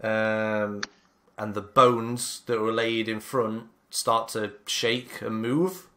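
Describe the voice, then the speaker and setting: A man runs a tabletop game, narrating at an unhurried pace with plenty of hesitations and filler words. His voice is bright and forward, and he talks slowly. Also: on the low side, fairly even intonation. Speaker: game master.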